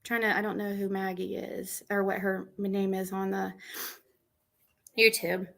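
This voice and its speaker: A woman's voice: medium pitch, flat delivery, unhurried, vocal fry, a bit bright, rough recording. A woman with a cold hosting a casual livestream chat, rambling and exasperated, full of fillers and restarts. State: has a cold. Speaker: livestream host.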